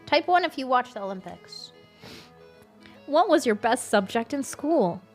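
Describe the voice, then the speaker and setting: A woman streamer chatting casually with her viewers. She is excitable, swears often and shrieks when she thanks people for gifts. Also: high voice, a little slow, soft background music. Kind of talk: casual livestream chat.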